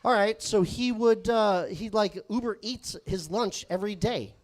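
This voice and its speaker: This stand-up comedian's voice sits high and moves a little slowly. Performing live, he tells meandering, self-mocking stories with lots of swearing.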